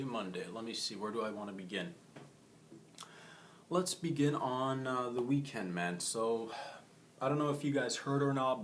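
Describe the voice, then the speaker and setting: Young guy doing a brash comedy bit for his viewers, medium voice, bit of room noise behind. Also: medium pitch. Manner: brash, jokey, addresses audience as bros. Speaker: host of a comedy show. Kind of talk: comedic monologue.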